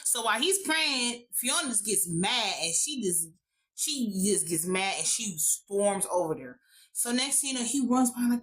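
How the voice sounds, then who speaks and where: An American woman reviewing a TV episode in a casual vlog. She talks in a profane, animated way with lots of asides. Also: mid-range voice, brisk, rough recording. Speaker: TV show reviewer.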